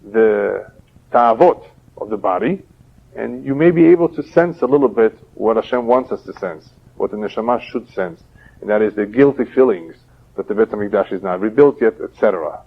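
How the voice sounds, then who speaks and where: A man, a rabbi, giving a religious lecture and teaching through parables in a steady, explaining way. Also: on the low side. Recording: dull lo-fi older audio.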